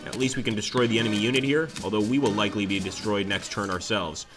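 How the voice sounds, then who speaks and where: A man with a somewhat low voice narrates his strategy game live, relaxed and conversational, reading out viewer messages as he plays. Bursts of excitement break through when the battle turns his way. Faint music plays softly underneath. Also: quick pace, hardly any pauses. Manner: chatty, reacts excitedly to the game and reads chat aloud. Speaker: streamer playing a strategy game. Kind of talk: live gameplay commentary.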